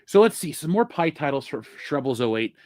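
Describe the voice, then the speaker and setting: A man's voice: a little high, very animated, fairly quick, a little mellow, dry recording, studio quality. A man co-hosting a casual pop culture chat, joking around and riffing on terrible puns. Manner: jokey, riffs on bad puns. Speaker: podcast co-host.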